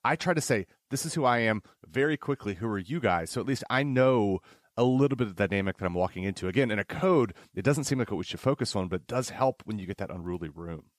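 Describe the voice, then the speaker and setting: A man with a lowish voice speaks earnestly and reflectively as a doctor on a panel. The sound is dry and close to the mic. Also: expressive, fast, dry recording. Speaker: emergency physician. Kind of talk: casual panel discussion.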